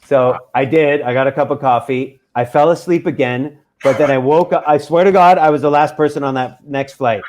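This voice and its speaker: A man telling a long anecdote as a guest in a casual interview, animated and acting out what others said, with the odd swear word. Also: mid-range voice, brisk, hardly any pauses. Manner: animated, acts out quotes, swears freely. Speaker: musician guest.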